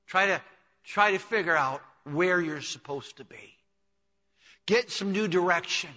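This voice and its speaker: A man preaching a sermon in a church, swinging from hushed to loud, urgent pleading with much repetition. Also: a little high, big-room sound. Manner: impassioned, repetitive exhortation. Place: church sanctuary.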